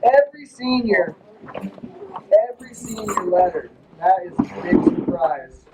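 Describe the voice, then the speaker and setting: Male coach with a high voice, rambling and joking through a banquet speech in a lodge hall. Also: lively intonation, a little slow, heavy background noise. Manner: casual, rambling, joking with the audience. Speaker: wrestling coach.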